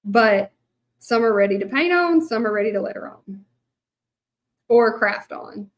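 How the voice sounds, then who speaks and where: Middle-aged Southern woman, Louisiana drawl, folksy crafting host with a slightly high voice, loose and rambling. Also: expressive, measured pace. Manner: chatty, rambling, many fillers, talks to viewers. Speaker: hand-lettering artist. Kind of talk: casual craft livestream chat.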